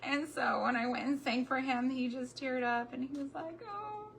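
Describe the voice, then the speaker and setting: A woman's voice: high voice, steady tone, moderate pace, creaky, a little hiss or hum. A woman chatting casually with her viewers while crafting, tender and a little sentimental, often speaking straight to them. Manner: talks directly to viewers.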